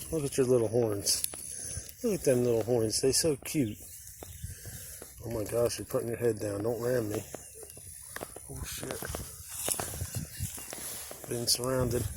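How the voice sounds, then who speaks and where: A man chatting to cows in a pasture, coaxing and cooing at them in a playful way. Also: mid-range voice. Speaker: vlogger. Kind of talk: casual chat to farm animals. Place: outdoor farm pasture with cows. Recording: noisy outdoor farm sound.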